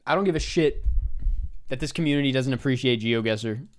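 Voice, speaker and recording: A young male livestreamer mutters and swears at himself as he plays, tossing offhand replies to chat during his game commentary. His mid-range voice moves fairly quickly.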